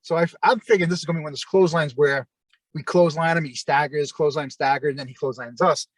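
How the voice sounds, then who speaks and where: A man's voice: on the high side, steady tone, fast talker, dry recording. A man, a former wrestler telling long anecdotes in a casual interview, full of fillers and quoted dialogue.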